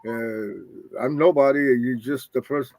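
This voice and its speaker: A man's voice: mid-range voice, slow, gravelly, a little mellow, no echo. Older man, rambling storyteller. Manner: rambling, acts out quoted dialogue. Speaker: guest, retired wrestler. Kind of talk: casual storytelling.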